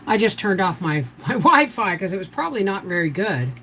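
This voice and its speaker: An older woman hosts a casual homestead livestream, chatting and rambling as she walks viewers step by step through canning. Her medium-pitched voice is bright and forceful, fairly quick, with big pitch swings, on a low-quality recording with slight background noise.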